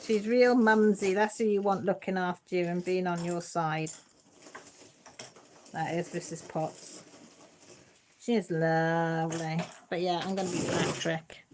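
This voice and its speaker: A woman from Britain hosting a casual live chat from home. She reads viewer comments aloud in a playful, easily excited way. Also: fairly low pitch, measured pace, long pauses, a little hiss or hum. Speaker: livestream host.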